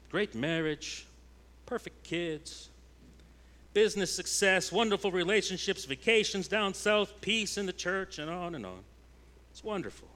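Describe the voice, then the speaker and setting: Here a pastor preaches, his somewhat high male voice alternating between forceful, loud pronouncements and quiet, intense stretches.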